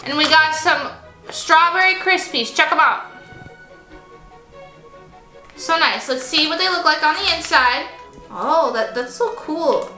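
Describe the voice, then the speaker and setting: A woman with a high, bright voice gushes excitably while unboxing toys and chatting to her stuffed animals. Her voice rings around an echoey room, with faint music playing underneath. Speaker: toy unboxing vlogger. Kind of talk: casual unboxing chat.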